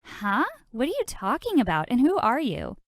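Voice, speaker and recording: A woman's voice: on the high side, wildly swooping pitch, moderate pace, no echo, studio quality, full character voice. A woman voicing a popular teenage girl who sounds bewildered and questioning. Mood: puzzled.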